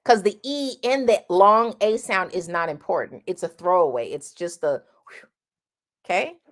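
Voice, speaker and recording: Slow, low-voiced woman teaching singing. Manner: sings vowel demonstrations between explanations; direct, blunt coaching. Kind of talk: vocal lesson with demonstrations.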